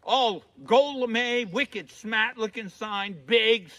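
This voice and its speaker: High, bright-voiced Maine storyteller man. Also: slow pace, dry recording. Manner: drawling, down-home, leans into voices for characters. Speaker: humorist storyteller. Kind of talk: folksy comic storytelling. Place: outdoors in snowy woods.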